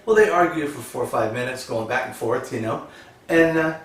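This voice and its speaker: A man's voice: mid-range voice, a little fast, fairly bright tone. Rambling man telling jokes in an echoey room. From United States. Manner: rambling, full of "you know", laughs at own jokes. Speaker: joke teller. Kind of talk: casual joke telling. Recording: echoey room, voice a bit far from the mic.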